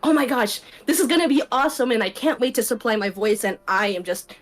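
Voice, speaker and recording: A woman's voice: fairly high pitch, expressive, poor audio. A woman who does voice acting, chatting on a livestream call, gushing and emotional, close to tears. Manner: gushing, emotional, quick and giggly. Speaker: voice actor guest. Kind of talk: casual chat on a livestream call. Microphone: home microphone, records in a closet.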